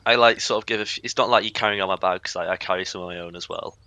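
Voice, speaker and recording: Male player, animated chat, bright, dry sound. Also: sits low, racing, no echo. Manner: chatty, animated, half in character. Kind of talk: casual tabletop chat.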